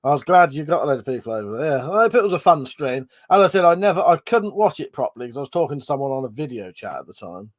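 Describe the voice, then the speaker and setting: A man's voice: on the high side, big pitch swings, fast, few pauses. A man hosting a casual live stream, reading out chat comments, rambling and swearing, short of breath and yawning. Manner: chatty, swearing, reads chat aloud and rambles.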